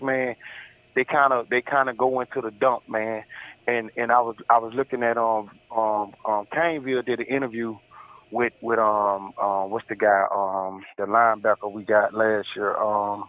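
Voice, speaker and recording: A man calling in to a talk show, folksy and drawling, always saying "boy" and "man". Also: lowish voice. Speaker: caller. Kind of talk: casual call-in chat. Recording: dull lo-fi phone-in line.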